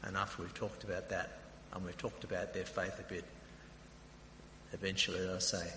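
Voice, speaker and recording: An Australian man delivers a sermon in a chatty, story-telling style, his voice bright and tense at the edges. His words ring through a roomy hall with a long reverb, and a faint hiss sits underneath. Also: sits low, little pitch movement, normal speed, long pauses. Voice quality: introverted by nature. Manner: conversational, anecdotal preaching. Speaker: preacher and theological college principal.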